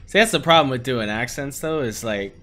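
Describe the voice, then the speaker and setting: A man's voice: mid-range voice, expressive, brisk, bright, forceful tone. A man hosting a live stream, chatting casually in a laid-back, rambling way with plenty of fillers. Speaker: streamer and host.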